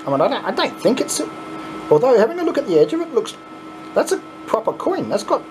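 A middle-aged man with an Australian accent hosting a casual unboxing vlog, excitable and chuckly, swearing freely. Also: extremely high pitch, fast, noisy background. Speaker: coin pusher channel host.

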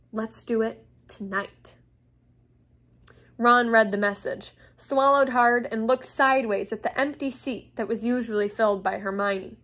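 Woman teacher, reading a novel aloud, expressive, fairly high voice. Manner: lively, expressive read-aloud delivery.

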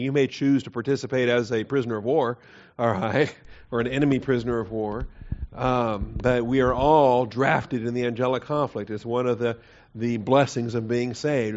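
A man teaching a Bible doctrine class in a conversational way, with frequent fillers, quiet chuckles and questions to the room. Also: mid-range voice. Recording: dull lo-fi class recording.

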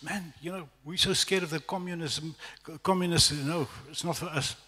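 A man's voice: fairly high pitch, fairly even intonation, normal speed, sharp tone, slightly rough, pitched above the performer's own voice. A South African man doing his giggling, scared wife. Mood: amused. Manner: giggling, dismissive. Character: laughing, fearful young wife. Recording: echoey church hall reverb.

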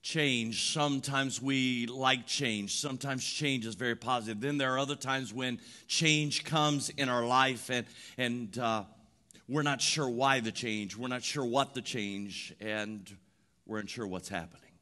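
Pastor guy preaching, slow and bright, repeats lines over and over, gets loud. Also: mid-range voice. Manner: builds from quiet reflective to loud emphatic preaching; repetitive rhythmic phrasing. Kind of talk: sermon.

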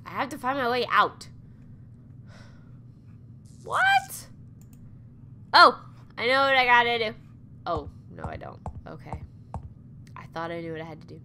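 A woman's voice: fairly high pitch, pushed and bright, a little hiss or hum. A young woman hosting a gameplay video in a playful, giggly, reactive way. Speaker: gameplay host. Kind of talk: casual game commentary.

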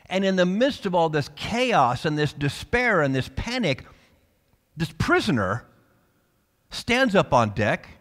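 A male pastor preaching a sermon with passion, dropping to soft tones and then rising to loud calls. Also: on the high side, sing-song, a little slow, long reverb tail. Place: church sanctuary.

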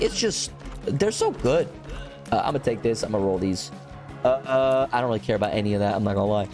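A young man streaming a game, chatting casually and rambling with excitement, swearing and breaking into high whoops. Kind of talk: casual gameplay commentary.

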